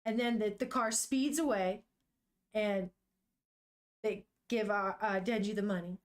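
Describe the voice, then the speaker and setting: A woman's voice: medium pitch, fairly even intonation, measured pace. A young woman on a live stream, chatting casually with viewers while reading a manga aloud and swearing now and then. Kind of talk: casual live-stream chat and read-along.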